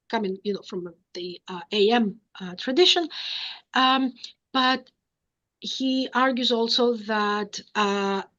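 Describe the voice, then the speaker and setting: A woman giving an academic lecture, explaining step by step, often pausing on "uh" and checking with "okay?". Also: fairly high pitch, a bit bright, dull audio.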